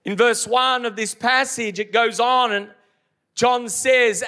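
A middle-aged man preaching at a church service, his voice sitting very high for a man and ringing bright and forceful. He drives his points home with repetition and rhetorical questions thrown at the congregation. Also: steady tone, slow pace. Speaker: pastor. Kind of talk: sermon.

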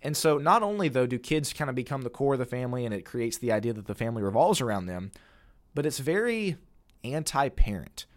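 A man makes his case with emphasis in a casual podcast discussion. His voice stays mid-pitched but moves lively up and down. He hands off to his co-host when he is done. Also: a little fast.

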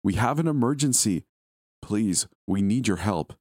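A trembling woman on a phone line begs for help, her voice pitched high and taut with desperation, as a male narrator puts her on. Her pleading is shaky and urgent, reaching up well above his usual register. She sounds cornered and frantic in this horror story. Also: animated, measured pace, darkish tone, no room sound, clean studio sound, heavily acted.

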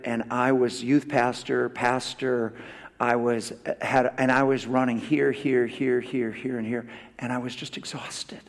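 A male pastor with a mid-range voice preaches a sermon in a reverberant hall. He swings from hushed, nearly whispered asides to loud, fervent declarations, using repetitive, rousing phrasing.

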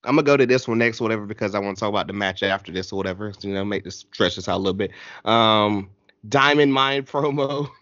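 Casual male co-host, lively and joking; dry, slightly muffled audio. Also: on the low side, fast talker, dry recording. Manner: animated, laughing, slangy. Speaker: podcast co-host. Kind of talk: casual wrestling chat.

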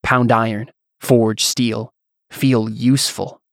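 Brief: measured male fiction narrator, mid pitch, dry booth. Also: level tone, no echo. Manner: measured storyteller reading.

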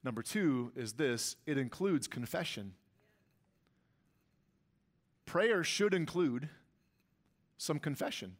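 A man preaches to his congregation. His voice sits a bit high for a man, and he leans into key phrases with rising emphasis. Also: very animated, unhurried. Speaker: pastor. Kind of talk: sermon.

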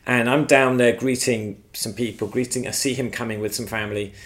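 A man from England, recorded outdoors at his home and telling a faith story with lively, shifting emphasis. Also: medium pitch, fairly quick. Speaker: guest speaker. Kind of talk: storytelling testimony on video. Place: outdoors at their home, front yard.

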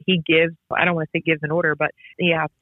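A woman's voice: low-pitched, flat delivery, fast, no echo. Emphatic woman on a tinny phone line. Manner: emphatic, with lots of repetition. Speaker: basketball referee and podcast guest. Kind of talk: casual interview storytelling.

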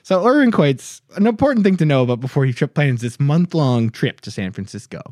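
A man's voice: fairly high pitch, big pitch swings, a little fast, darkish tone, no room sound, clean studio sound. A man hosting a podcast, telling a story in casual chat and laughing often. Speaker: podcast host.

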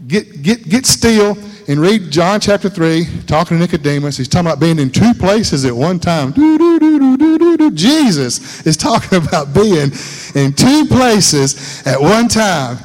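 A man preaching a sermon in a folksy, animated way, repeating lines for emphasis. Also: fairly high pitch, unhurried. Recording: reverberant hall.

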